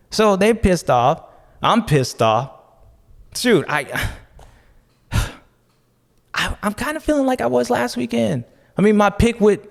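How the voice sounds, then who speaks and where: A man hosting a podcast, talking casually in an animated, slangy, joking way. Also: a little high, long reverb tail. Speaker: podcast host.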